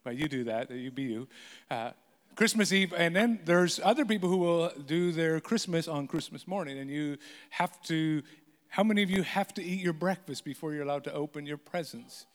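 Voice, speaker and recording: Joking pastor in a reverberant hall. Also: male voice, a little high, normal speed. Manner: joking, self-deprecating storyteller. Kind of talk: sermon with humorous stories.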